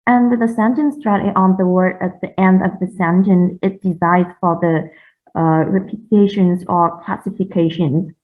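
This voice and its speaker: A woman's voice: on the low side, steady tone. Woman presenting over tinny audio. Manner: careful, halting with repeated words. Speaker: student presenter. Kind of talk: class presentation.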